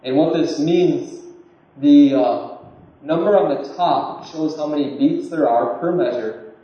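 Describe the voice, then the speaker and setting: A man with a mellow, low-key voice explains step by step, often stumbling and repeating words. He sounds far from the mic in a very echoey room, and the recording is dull and muffled. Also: unhurried. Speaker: lecturer. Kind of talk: informal explanatory talk. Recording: distant, muffled room recording with heavy echo.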